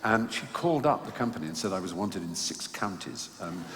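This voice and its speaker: A man's voice: deep voice, animated, a bit bright. Wry man telling stories in an echoey hall. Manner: wry, self-mocking, halting anecdotal delivery. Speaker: stage guest telling anecdotes. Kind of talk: live storytelling conversation. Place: large theatre stage. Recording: echoey hall, live venue ambience.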